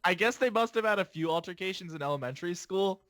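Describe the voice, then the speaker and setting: A man's voice: high voice, expressive, quick pace, a bit bright. A man in his twenties, a podcast host, telling a rambling story in casual chat, laughing often and restarting his sentences.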